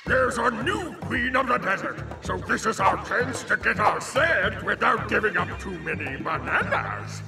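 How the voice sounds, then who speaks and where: A fussy, gravelly ape advisor. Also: male voice, high-pitched, big pitch swings, a little slow, hardly any pauses, full character voice, poor audio. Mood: officious. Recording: cartoon soundtrack with music.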